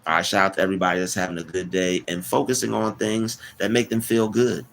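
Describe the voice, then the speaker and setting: A man hosting a casual live stream, rambling, repeating words and giving shout-outs to chat. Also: sits low, steady tone, quick pace, creaky, slight background noise.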